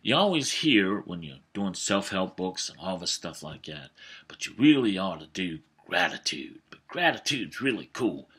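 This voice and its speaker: A man in his fifties telling a family story in a folksy, animated way, with some hesitations. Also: fairly low pitch, husky. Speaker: vlogger. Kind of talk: storytelling monologue.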